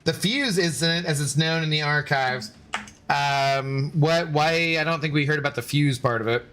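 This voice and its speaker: A man's voice: on the high side, moderate pace, bright, forceful tone, a little hiss or hum. A man live-streaming a game, joking and bantering as he answers his chat. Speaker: gaming streamer.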